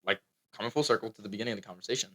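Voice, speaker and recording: A young man co-hosting a podcast in casual, joking chat, swearing freely. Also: on the low side. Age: young adult. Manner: animated, swearing, quick joking. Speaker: podcast co-host.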